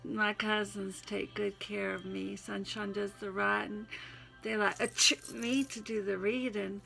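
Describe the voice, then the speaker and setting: An older woman with a Southern accent talks slowly and folksily into her phone, her voice heavily gravelly yet bright in tone. She reads a devotional poem between little sneezes, with faint music behind her. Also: medium pitch, level tone. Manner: chatty, folksy, interrupted by sneezes. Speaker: poetry reader. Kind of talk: casual talk then reading a devotional poem.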